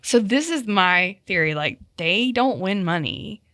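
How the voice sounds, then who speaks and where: A woman hosting a podcast in a studio, chatting casually with animated quick asides. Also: medium pitch, no echo. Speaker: podcast host.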